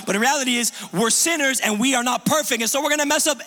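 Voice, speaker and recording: A man preaching a sermon in a church, conversational and animated, with lots of restarts and casual fillers. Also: very high-pitched, fast talker, hardly any pauses, soft background music. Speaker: pastor. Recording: long reverb of a large room.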